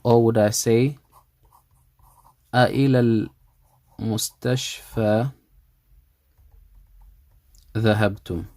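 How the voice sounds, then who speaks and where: A man's voice: medium pitch, steady tone, dark tone, no echo. Methodical male Arabic teacher, dry sound. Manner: reads Arabic lines slowly, repeats them, then translates. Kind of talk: explaining a textbook dialogue.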